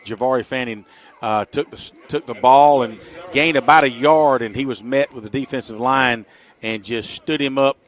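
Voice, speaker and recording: A middle-aged man giving chatty, folksy color commentary on a high school football game for radio. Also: normal speed. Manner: folksy, chatty, jokey asides.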